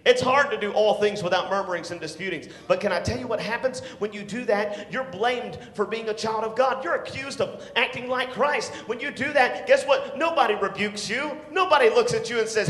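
Male pastor, bright high voice, sermon in a reverberant hall. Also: animated, normal speed, few pauses. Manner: emphatic, swings from shouting to low and hushed. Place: large church. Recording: echoey church hall with long reverb.

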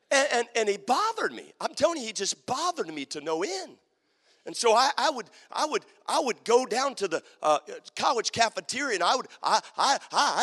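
A man preaching a sermon as a story, turning dramatically from loud to hushed. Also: high voice. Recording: long reverb of a large hall.

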